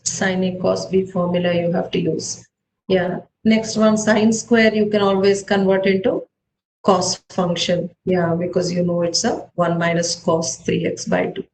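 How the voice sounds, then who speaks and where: A woman teaching an online math class, brisk and directive, checking on her students as she goes. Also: fairly low pitch, little pitch movement, background noise.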